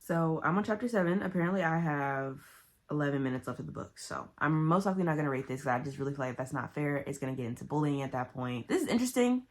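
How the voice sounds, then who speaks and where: Low-voiced chatty woman vlogger. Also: fast talker. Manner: chatty, animated retelling with loud quoted outbursts. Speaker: book vlogger. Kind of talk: casual book recap to camera.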